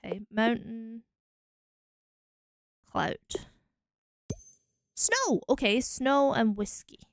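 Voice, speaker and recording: Her voice sits on the high side, animated yet slow, as this woman from Scotland streams a game and thinks aloud, trying out combinations. The recording is dry, with clean studio sound.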